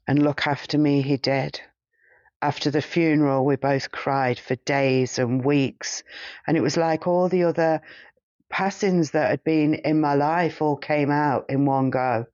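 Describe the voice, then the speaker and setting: A man recounting a past-life regression in the first person, in a halting, hesitant way as he searches for words, on a slightly muffled recording. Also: fairly high pitch, steady tone, darkish tone, no echo.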